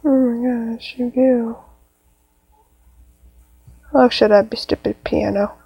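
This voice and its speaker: A woman's voice: on the high side, fairly even intonation, slow pace, creaky, slightly rough, no room sound, muffled recording. Jumpy woman narrating a horror game. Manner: jumpy, exclaiming, talks to viewers. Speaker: gamer.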